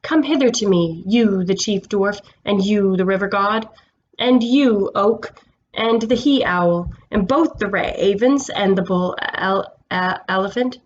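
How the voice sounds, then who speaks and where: A woman voicing a wise, solemn male lion king in a storybook reading, speaking slowly and measuredly. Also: mid-range voice, dull audio, a little hiss or hum, lightly acted. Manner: slow and measured.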